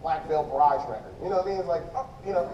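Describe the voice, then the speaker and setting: A man with a high, mellow voice talks loosely to a crowd, full of slang and restarts. He is picked up from far off in a big echoey hall, and the sound is dull with faint crowd noise underneath. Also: animated, fast talker. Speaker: drummer answering audience questions. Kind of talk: casual stage talk to an audience. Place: large indoor event hall stage.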